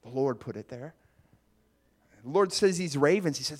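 A man's voice: on the high side, animated, normal speed, breathy edge. A man preaching a conversational sermon, musing aloud with asides to the congregation. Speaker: pastor.

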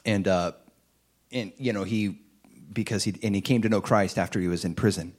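A man preaching a sermon, reading scripture aloud and building to loud, emphatic lines. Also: on the low side, fairly even intonation, moderate pace, slightly rough. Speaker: pastor.

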